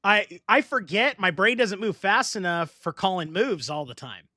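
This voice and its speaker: A middle-aged man hosting a casual podcast chat, animated, laughing often and swearing freely. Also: high voice, normal speed, dry recording, clean studio sound. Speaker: podcast host.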